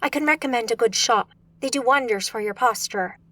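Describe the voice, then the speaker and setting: A woman's voice: on the high side, animated, moderate pace, a bit bright. A woman reading a sarcastic, fearless sorceress. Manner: sarcastic, flippant.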